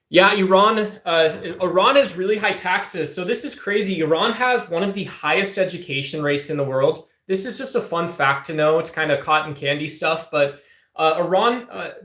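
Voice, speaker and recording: Combative livestream host with lots of fillers. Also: male voice, fairly high pitch, fairly bright tone, reverberant. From Southwest United States. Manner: combative, teasing, many fillers and restarts. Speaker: livestream host answering chat. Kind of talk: casual political livestream talk.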